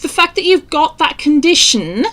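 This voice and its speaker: A woman's voice: sits high, big pitch swings, normal speed, a bit bright. A woman co-hosting a chat podcast, delivering a heated, exasperated opinion rant and breaking into disbelieving laughter. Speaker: podcast co-host. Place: studio for a live-streamed podcast.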